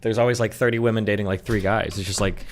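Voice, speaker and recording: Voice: medium pitch, steady tone, fast, slight background noise. A streamer giving casual, sarcastic and profane commentary while reacting to a video. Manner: sarcastic and profane, mocking what is played.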